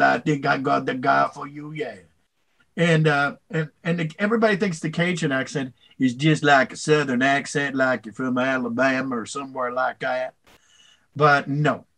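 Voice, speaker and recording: An older man, a voice actor, answering interview questions in a rambling, animated way, slipping into voices. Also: a little high. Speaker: voice actor guest.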